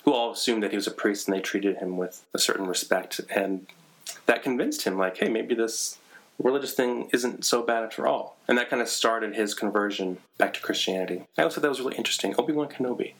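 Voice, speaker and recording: Relaxed male podcast co-host, a bit low, conversational. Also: fast, poor audio. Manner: easygoing, conversational, reads statistics aloud. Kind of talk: casual podcast chat.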